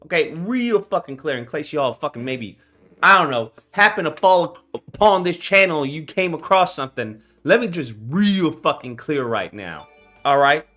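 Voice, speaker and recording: A man's voice: a little high, very animated, moderate pace, bright, forceful tone. A man hosting his own channel, delivering a heated, profane, confrontational rant straight to his audience. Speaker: channel host. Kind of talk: ranting commentary to camera.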